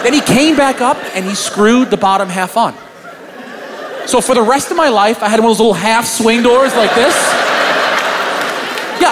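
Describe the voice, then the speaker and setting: A man in his thirties doing a crude, animated stand-up set, acting out voices. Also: sits high. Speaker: stand-up comedian. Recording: live club audio with crowd noise. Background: laughing audience.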